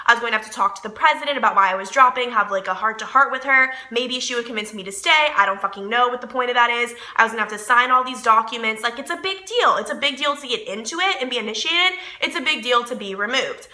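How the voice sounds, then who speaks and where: A woman's voice: a little high, pushed and bright. A young woman vlogger telling a story in a heated, profane, sarcastic rant. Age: young adult. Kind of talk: ranting storytime vlog. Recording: echoey room.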